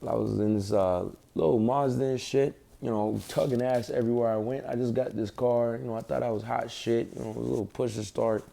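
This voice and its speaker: A man's voice: mid-range voice, steady tone, a little fast, creaky, hardly any pauses, warm tone. A young man giving a casual, profane religious lesson, telling a personal story in street slang. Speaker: online preacher.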